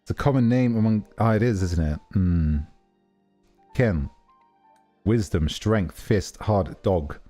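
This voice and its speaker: A man's voice: on the low side, slow pace, pauses often, dark tone, soft background music. A man streaming casually, telling a rambling story full of fillers and self-corrections. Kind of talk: casual livestream chat.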